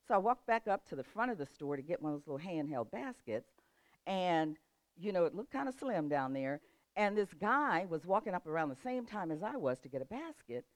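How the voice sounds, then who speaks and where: An older woman with a low, full voice and a very lively swing in her pitch. She tells a story with frequent laughs and then turns to motivational advice. The sound is close and dry, with almost no room around her. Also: brisk, no room sound. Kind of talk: casual storytelling and motivational talk.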